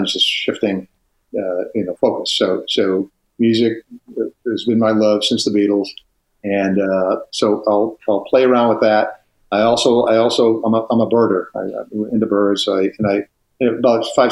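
A man's voice: lowish voice, darkish tone. An older man chatting as a podcast guest, candid and rambling, with casual swearing. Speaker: guest, music retail executive. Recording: roomy echo.

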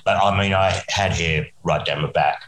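A man's voice: low-pitched, steady tone, normal speed, fairly bright tone, reverberant, low-quality recording. An Australian man, a musician guest, rambling through a story and chuckling often. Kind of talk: casual anecdote telling.

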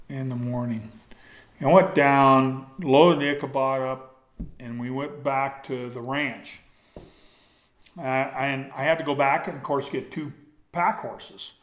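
An older man recounts a backcountry hunting tale at an unhurried, drawn-out pace, in a folksy style that drifts into side stories and circles back. His voice is mid-pitched and carries a noticeable roomy echo. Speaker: hunting guide and storyteller. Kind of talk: rambling personal storytelling.

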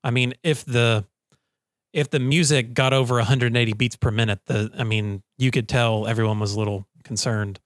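A young adult man co-hosting a podcast, speaking in a reflective, measured way and telling personal stories. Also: mid-range voice, fairly even intonation, no echo, studio quality. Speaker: podcast co-host. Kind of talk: casual podcast conversation.

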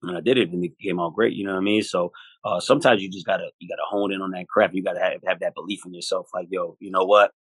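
Profane, animated hip hop artist man. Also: deep voice, fast talker, no room sound, poor audio. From United States, Buffalo, New York. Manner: animated and profane, acts out quoted voices, often says "you know what I mean". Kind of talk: casual interview talk.

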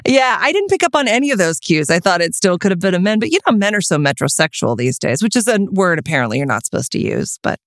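A woman co-hosting a podcast in casual chat, chatty and animated, often trailing off mid-thought. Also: lowish voice, fast talker, few pauses, dry recording, studio quality. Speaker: podcast co-host.

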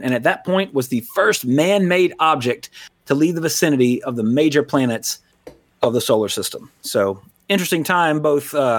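A man hosting a podcast in casual chat, rambling and animated, swearing freely. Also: fairly high pitch. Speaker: podcast host.

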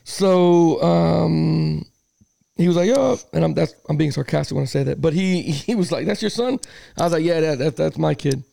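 Man, high gravelly voice, dry close sound, animated cussing storyteller, casual podcast host. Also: moderate pace, no echo. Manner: animated storyteller, swears a lot, acts out arguments. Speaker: youth football coach. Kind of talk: casual sports podcast chat.

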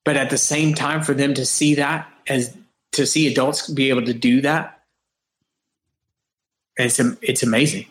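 A man's voice: medium pitch, steady tone, unhurried, pauses often. Earnest man with roomy echo. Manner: earnest, reflective, talks in long runs with restarts. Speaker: podcast guest. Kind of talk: casual interview chat.

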